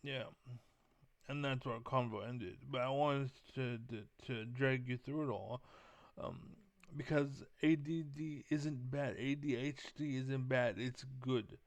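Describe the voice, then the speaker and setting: A man's voice: mid-range voice, darkish tone, no room sound. A young man vlogging in a heated, profane, rambling rant full of fillers. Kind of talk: casual rant to camera.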